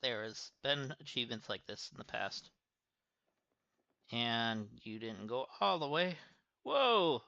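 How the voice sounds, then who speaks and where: Slow, bright-voiced male game streamer. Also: medium pitch, lively intonation, gravelly, dry recording, muffled recording. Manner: chatty, thinking aloud while playing. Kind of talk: livestream game commentary.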